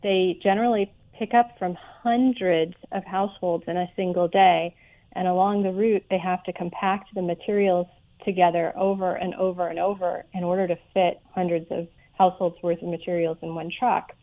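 A woman being interviewed as a radio guest over a phone line, explaining things in a measured way with frequent ums. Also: fairly low pitch, fairly even intonation. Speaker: guest, president of a recycling institute.

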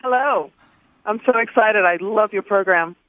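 Caller on the phone, high voice, excited, lots of ums, tinny line. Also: male voice, dry recording. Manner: eager, halting, many fillers. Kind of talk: phone-in question.

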